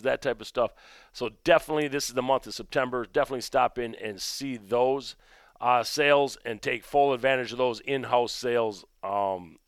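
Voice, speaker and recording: A man hosting his own podcast, telling a story in a rambling, conversational way and dropping low and quiet when he recounts his own remarks. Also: clean tone, no room sound, clean studio sound. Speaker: podcast host and gun shop owner. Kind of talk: casual storytelling monologue.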